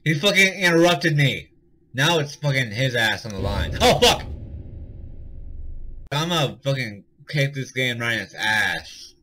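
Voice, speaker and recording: Panicky swearing young gamer. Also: male voice, mid-range voice, lively intonation, normal speed, sharp tone, a little hiss or hum, rough recording. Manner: panicky, swearing, frequent nervous laughter. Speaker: gaming commentator. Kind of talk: let's play commentary.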